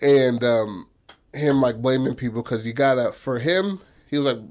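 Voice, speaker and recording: A man's voice: mid-range voice, moderate pace, a little mellow. A man telling a story in casual podcast chat, loose and profane, acting out what the characters say. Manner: loose, profane retelling with acted-out quotes. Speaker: podcast co-host.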